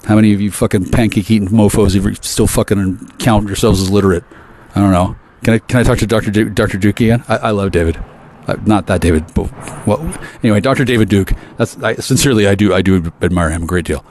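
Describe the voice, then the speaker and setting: Man, lowish voice, rambling swear-filled rant to camera, stumbles over his words. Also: quick pace, darkish tone, slight background noise. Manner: profane, aggressive, stammering restarts.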